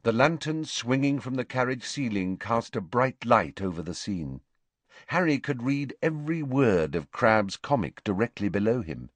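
A man narrating an audiobook with expressive, animated storytelling. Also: mid-range voice, moderate pace, no echo. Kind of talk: scripted narration.

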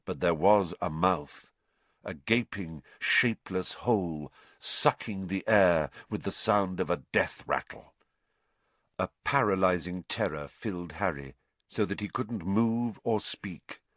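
A man narrating an audiobook in a measured, suspenseful way, dropping low for dark passages. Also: no echo.

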